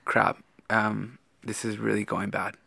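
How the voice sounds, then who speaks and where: A man co-hosting a podcast with his wife, reserved and soft-spoken in a candid talk. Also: fairly low pitch, monotone, unhurried, creaky, no room sound. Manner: reserved, soft-spoken, brief agreeing replies. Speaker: podcast co-host, husband. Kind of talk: candid personal conversation.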